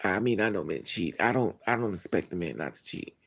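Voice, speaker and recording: A man hosting a livestream, telling a personal story to his viewers in a candid, animated, blunt way. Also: low-pitched, fairly quick, gravelly, slightly rough. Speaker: livestream host. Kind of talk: casual storytelling to a live chat.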